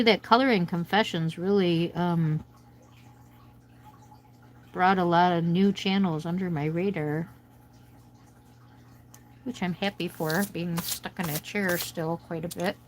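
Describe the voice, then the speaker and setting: An American woman with a lowish, fairly even voice speaks slowly and pauses often, on a low-quality recording with a little hiss or hum. She hosts a casual coloring livestream from home, chatting and rambling to viewers as she colors.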